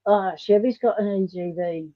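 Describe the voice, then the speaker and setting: An Australian woman hosts a casual livestream, rambling along and answering viewer comments in a medium-pitched voice at a moderate pace. There's no echo, but the stream audio is dull and lo-fi.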